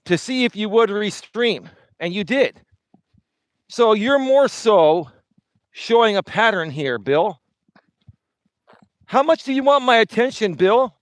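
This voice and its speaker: A man's voice: sits high, dry recording. A man hosting a livestream, taunting a rival with repeated jabs. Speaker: livestream host. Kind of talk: confrontational livestream rant.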